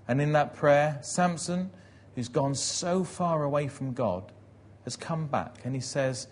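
A man preaching, retelling a story vividly and acting out the shouts and prayers in it. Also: a little high, unhurried. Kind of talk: dramatic sermon storytelling.

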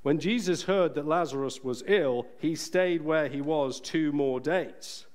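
A man preaching a sermon in a church, earnest and emphatic, slowing down to stress key phrases. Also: fairly high pitch.

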